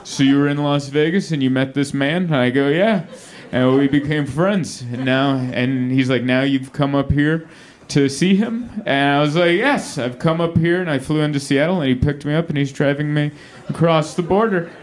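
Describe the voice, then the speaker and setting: A man's voice: a little high, moderate pace. A man performing a stand-up comedy set on a club stage, acting out the voices of the people in his stories. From United States. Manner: animated, acts out quoted voices. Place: comedy club stage before a laughing crowd. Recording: live club with loud crowd laughter.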